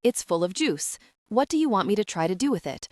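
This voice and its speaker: A woman voicing a sweet-voiced young witch, a gentle healer who is reluctant and shaken while chanting a curse. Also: mid-range voice, very animated, brisk, no echo, clean studio sound, close to an everyday voice. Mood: eager.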